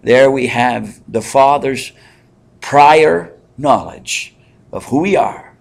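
A man leading a Bible study in a conversational way, pausing with fillers and asking the group questions. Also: medium pitch, gravelly. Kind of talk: interactive Bible teaching.

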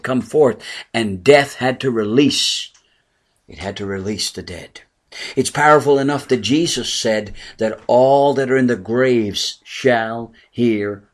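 A man delivers a sermon with a husky, breathy edge to his voice. He speaks with earnest conviction, lifting on key words and sinking to a near whisper on others. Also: mid-range voice. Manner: earnest preaching, swelling and dropping to near whispers. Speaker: pastor.

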